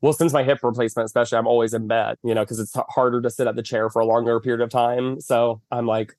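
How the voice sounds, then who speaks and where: A man's voice: mid-range voice, little pitch movement, fast talker, darkish tone, no room sound, clean studio sound. A man, a makeup artist, chatting as a podcast guest, telling long stories with many fillers over a video call from bed. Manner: chatty storytelling with lots of fillers. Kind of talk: casual chat. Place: at home lying in bed.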